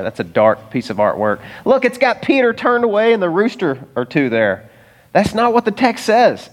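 A pastor preaching a sermon to his church in an earnest, conversational way, often turning to speak to the congregation directly. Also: a little high.

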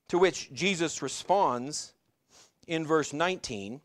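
A middle-aged male pastor giving a sermon in a conversational way, asking the congregation questions and slowing down to stress key lines. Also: fairly high pitch, lively intonation, fairly bright tone. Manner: conversational preaching with rhetorical questions and slowed emphatic lines.

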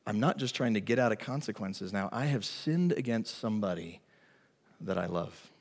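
A man preaching a sermon as pastor, swinging between loud emphatic lines and soft, quiet asides. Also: fairly low pitch, lively intonation, moderate pace. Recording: long hall reverb.

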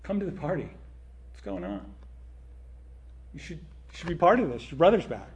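A man voicing a forgiving father who speaks gently and coaxingly. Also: fairly high pitch, very animated, moderate pace, a little hiss or hum. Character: forgiving, gentle father of two grown sons.

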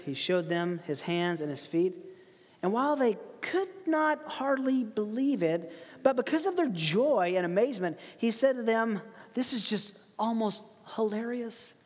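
High voiced guy preaching, animated, laughs a lot, big echoey sanctuary. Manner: animated, laughs often, emphatic quotes. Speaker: pastor. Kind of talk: expository sermon.

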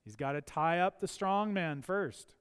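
A man preaching a sermon, emphatic and building to forceful peaks. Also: on the high side, unhurried, clear, resonant tone. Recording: long church hall reverb.

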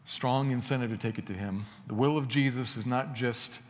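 A man preaching a sermon, earnest, swinging between loud emphatic lines and quiet asides. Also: medium pitch, normal speed. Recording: long hall reverb.

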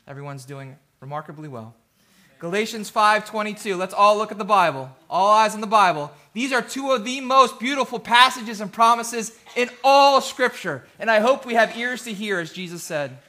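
A man preaching a sermon as pastor, emphatic, swinging between loud and hushed, with rhythmic lists. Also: high-pitched, moderate pace.

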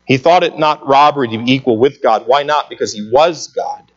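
A man's voice: mid-range voice, a little fast, highs cut off. A man preaching a sermon, earnest and emphatic, reading scripture aloud and repeating key phrases for weight.

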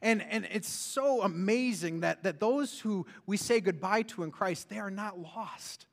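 A man preaching a sermon as a pastor, earnest, rising loud and then dropping to a hush. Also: sits high, measured pace, gravelly. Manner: earnest, swings from loud to hushed.

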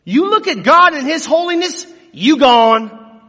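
A man with a high voice preaches a sermon. He talks animatedly, acting out scripture quotes and moving between hushed tones and shouts. The sound is dull and carries a long hall reverb. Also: measured pace. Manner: animated, acts out biblical quotes with big swings from hushed to shouting. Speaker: pastor.

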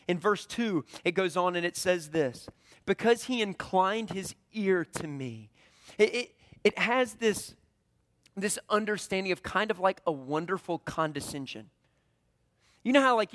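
High-voiced Southern man preaching. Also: a bit bright, no echo, studio quality. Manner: conversational, storytelling with acted-out dialogue. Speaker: pastor. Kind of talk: sermon.

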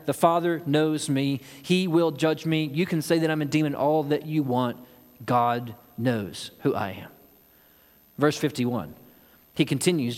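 Preacher with a ringing hall echo. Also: male voice, a little high. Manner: rhetorical, voicing questioners with rising heat. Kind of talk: expository sermon. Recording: long hall reverb.

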